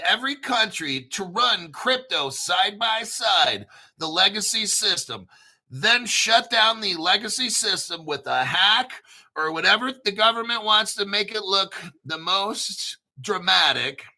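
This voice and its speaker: A man hosting his own channel in a casual monologue, emphatic and repetitive, rambling and swearing, often clearing his throat. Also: high-pitched, pushed and bright. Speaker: crypto channel host.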